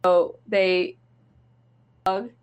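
A woman who is sick, retelling a movie's plot in a rambling, halting casual chat with slang. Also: mid-range voice, flat delivery, darkish tone, smooth, muffled recording. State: sick, coughing.

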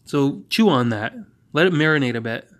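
A male podcast host telling a story in a lively, animated way. He acts out both sides of a back-and-forth conversation. He often restarts his words mid-sentence. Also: medium pitch. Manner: animated, reenacts dialogue with quick restarts. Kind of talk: storytelling monologue.

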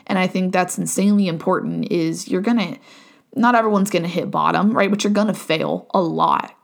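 A woman's voice: on the low side, fairly quick, gravelly. A woman hosting a solo podcast, talking candidly and earnestly with frequent fillers and tag questions. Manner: candid and earnest, frequent "right?" and "um", some swearing. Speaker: podcast host. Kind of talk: casual solo podcast monologue.

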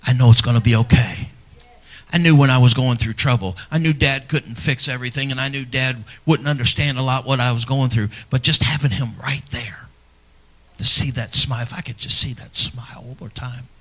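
Man, middle-aged, pastor, sermon in a church, earnest, mid-pitched voice, loud emphasis then hushed whispers. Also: steady tone, fairly quick. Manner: dynamic delivery, swinging from loud emphasis to hushed near-whispers; earnest and personal, speaking to fathers.

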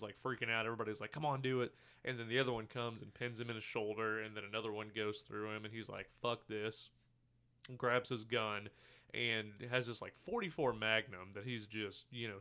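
A man with a bright, crisp, smooth voice chats casually on a podcast, walking through a movie's plot. He rambles, stacks fillers and acts out the characters' lines as he recaps. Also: fairly low pitch. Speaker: podcast co-host. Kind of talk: casual movie review chat.

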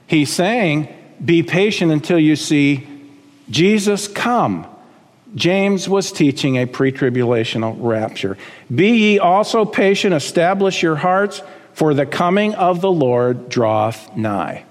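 A man preaching a sermon as pastor, emphatic, climbing high on key words and dropping low again. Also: animated, slow, in a large hall.

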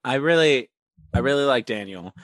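Bright-voiced joking man, dry sound. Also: mid-range voice, expressive, normal speed, no room sound. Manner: joking, laughs along. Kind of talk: casual chat.

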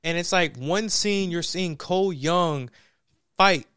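A young man in casual chat, reviewing a film with a friend, lively and laughing, acting out characters in quoted voices. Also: high voice, slow pace, clean tone, no room sound, studio quality. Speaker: podcast co-host reviewing a film.

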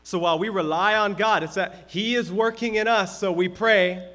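High-voiced man preaching a sermon. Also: fairly even intonation, moderate pace, fairly bright tone. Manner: conversational preaching, acts out everyday complaints. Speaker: pastor.

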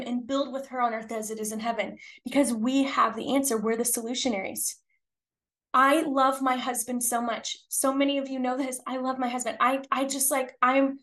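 A woman's voice: high-pitched, fairly bright tone. A woman preacher hosting a show, telling a story casually with lots of "like" and rhetorical questions, then urging her listeners earnestly. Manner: earnest exhortation. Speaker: podcast host and traveling preacher. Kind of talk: preaching testimony to women.

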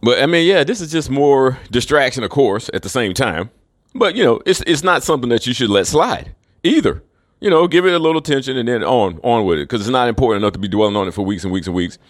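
A man's voice: mid-range voice, animated, fast talker, no echo, clean studio sound. A man rambling through a profane, scornful monologue, chuckling between remarks.

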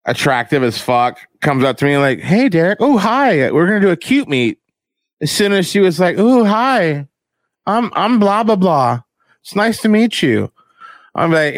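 A man's voice: clear, resonant tone, no echo. A young man talking in a crude, rambling, profane casual chat. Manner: crude, rambling, profane, mimics others in high voices.

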